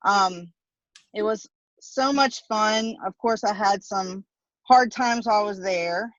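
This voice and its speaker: A woman sharing a personal story on a video call, hesitant and soft-spoken. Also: medium pitch, slow pace, no echo. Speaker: team member. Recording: dull, dry video call audio.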